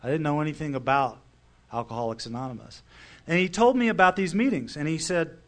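A man's voice: on the high side, a little fast. A middle-aged man telling his personal story to a recovery meeting audience, in a wry, conversational way.

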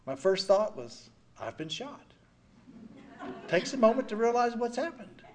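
Older guy telling his recovery story, high voice that swings all over, lots of "you know", laughs at himself. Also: moderate pace. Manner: animated, self-mocking, heavy on "you know". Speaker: recovery meeting speaker. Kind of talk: personal testimony talk.

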